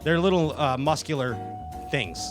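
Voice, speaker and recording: Fun guy hosting, kinda high voice, bouncy, jokey. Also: expressive, moderate pace, music in the background. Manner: goofy, laughing, bounces between bits. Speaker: host. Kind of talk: playful show hosting.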